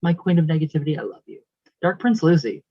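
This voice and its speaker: A man's voice: a little high, animated, fast talker, no room sound, lo-fi sound. A young man hosting his channel, reading out viewer comments in a casual, affectionate, emotional way with frequent laughs.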